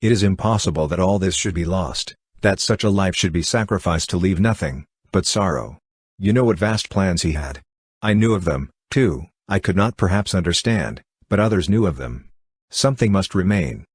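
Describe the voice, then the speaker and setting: Grieving young woman in an audiobook, earnest and mournful, voiced by a man in a low, husky register, dry sound. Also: expressive, moderate pace, dry recording. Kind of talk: audiobook character reading.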